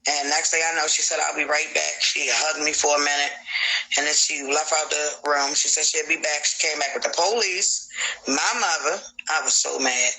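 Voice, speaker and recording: A man's voice: on the high side, fairly even intonation, moderate pace, sharp tone, rough recording. Blunt, cursing man. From Baltimore, USA. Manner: blunt, profane, emphatic storytelling. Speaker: guest telling a personal story on a live stream. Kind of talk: candid live-stream testimony.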